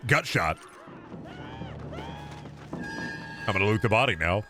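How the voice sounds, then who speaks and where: A man's voice: lowish voice, huge pitch swings, slow pace, over music. A man streaming a video game, chatting casually in a rambling, joking, self-deprecating way. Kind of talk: casual gaming stream commentary.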